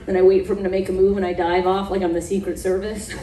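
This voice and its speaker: A woman's voice: mid-range voice, level tone, fast talker, dark tone. A young woman from Mississippi doing a crude stand-up routine, laughing at her own jokes and acting out voices. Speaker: stand-up comedian. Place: comedy club stage. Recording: echoey club room, distant mic. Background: audience laughter.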